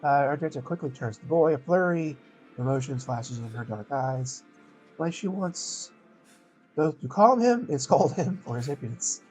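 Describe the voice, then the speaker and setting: A man's voice: fairly high pitch, expressive, normal speed, a little mellow, soft background music, poor audio. Joking man reading game text. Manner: joking, hesitant, reads dialogue in a grand voice. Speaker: game player. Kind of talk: let's play commentary, reading game text aloud.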